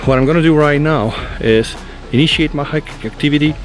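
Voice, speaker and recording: A man out of breath from fast walking on a forest trail, chatting casually to his viewers as he reviews a gadget. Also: fairly high pitch, soft background music. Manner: chatty, addresses viewers as guys. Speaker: tech reviewer. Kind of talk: casual walk-and-talk review.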